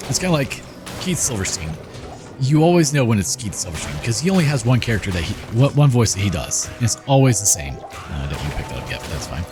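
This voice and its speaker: Relaxed low-voiced man chatting over gameplay. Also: quick pace. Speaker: gaming channel host. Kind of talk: casual commentary over gameplay. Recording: game music playing behind. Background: game music.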